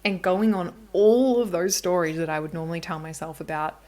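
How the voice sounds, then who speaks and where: Aussie woman in her 30s hosting a chatty podcast, frank, swears a bit, lowish voice. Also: brisk, a little mellow. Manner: candid and self-deprecating, swears casually. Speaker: podcast host. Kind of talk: casual podcast conversation.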